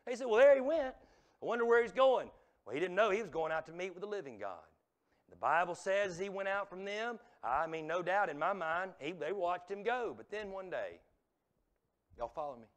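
High-voiced impassioned preacher. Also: male voice, animated, moderate pace. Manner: impassioned, swinging from hushed to shouting. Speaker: revival preacher. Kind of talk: sermon. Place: church sanctuary.

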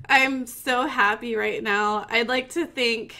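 A woman's voice: a little high, steady tone, slow pace, sharp tone. A young woman streamer from Missouri giving a gushing, giggly mock acceptance speech, pretending to hold back tears.

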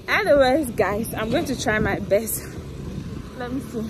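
A woman's voice: a little high, animated, slow, long pauses. Chatty young woman vlogging on a street. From Cameroon. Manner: chatty, self-conscious, laughs often. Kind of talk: casual walking vlog. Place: busy city street outdoors. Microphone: phone held while walking. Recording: phone recording with loud street traffic. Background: cars and motorbikes passing.

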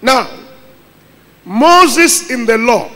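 A man's voice: very high voice, very animated, pushed and bright. A man reading Bible verses aloud phrase by phrase during a church service. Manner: reads slowly in short phrases. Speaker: Bible reader. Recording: echoey church hall.

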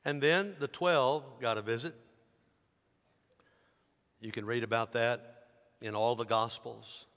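A man, a pastor preaching a sermon in an animated, dramatic storytelling manner. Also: mid-range voice, takes it slowly, pauses often. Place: large church sanctuary. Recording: long church hall reverb.

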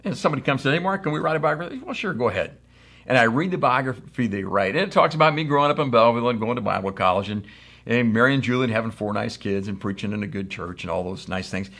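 Delivering a conversational sermon, a middle-aged pastor from the US tells stories and performs the quotes. His voice is on the low side, quick-paced, with a fairly bright tone.

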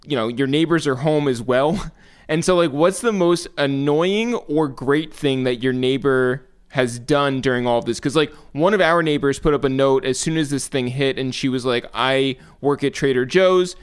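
A man co-hosts a casual talk show, asking relaxed, rambling questions. His voice is smooth and clear. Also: medium pitch, moderate pace. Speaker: co-host. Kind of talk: casual chat.

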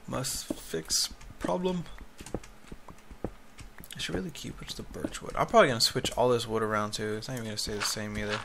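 A man with a gravelly, fry-laden voice talks himself through a Minecraft session, rambling and yawning between tasks. His headset mic picks up clear background noise and the clatter of keyboard typing. It sounds like a home gaming setup. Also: on the low side, racing, hardly any pauses. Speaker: gaming YouTuber. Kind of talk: casual Minecraft commentary. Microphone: headphones with a mic. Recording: noisy home recording with keyboard clicks. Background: keyboard typing and clicks.

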